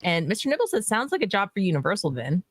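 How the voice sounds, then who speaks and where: Expressive woman co-host reading chat. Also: mid-range voice, fast talker, no room sound, studio quality. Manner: expressive, laughing, playfully exasperated. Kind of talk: casual game stream chat.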